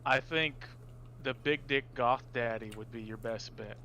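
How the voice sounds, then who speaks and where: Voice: mid-range voice, unhurried, bright, forceful tone. A friend in a voice call, joking and making suggestions. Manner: joking, bursts into silly voices. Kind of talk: casual voice chat banter.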